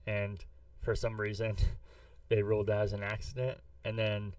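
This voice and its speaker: A man's voice: fairly low pitch, completely flat delivery, moderate pace, darkish tone, dry recording, distant mic. A man from the US Midwest, co-hosting a podcast, chatting casually in a rambling, profane storytelling way. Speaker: podcast co-host. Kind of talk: casual chat.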